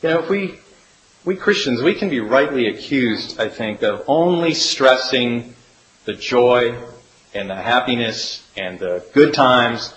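A man preaching a sermon as pastor, speaking earnestly and swinging between emphatic rises and hushed, drawn-out drops. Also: mid-range voice. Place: church sanctuary. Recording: echoey room with faint hiss.

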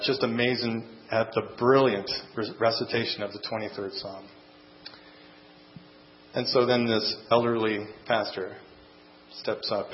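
A man preaching a sermon and closing in prayer, earnest and measured, speaking in short phrases. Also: medium pitch, reverberant. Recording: dull lo-fi sound with faint mains hum.

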